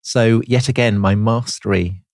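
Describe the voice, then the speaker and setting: A man's voice: on the low side, steady tone, a little slow, no echo, clean studio sound. A man co-hosting a history podcast in a theatrical, teasing style. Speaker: podcast co-host.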